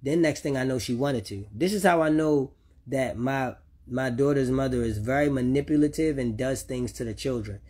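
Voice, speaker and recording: A man's voice: medium pitch, normal speed, darkish tone, breathy edge. A man speaking to viewers about his children, heated and repetitive, swearing often. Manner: talks directly to listeners. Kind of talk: unscripted personal vlog rant.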